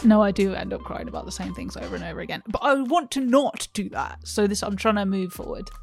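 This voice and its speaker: A young woman with a mid-pitched voice co-hosting a casual podcast. She teases her co-host with wry, dry humour. Faint music sits underneath. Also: very animated, fast talker, gravelly, a little mellow. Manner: teasing, wry. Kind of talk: casual chat.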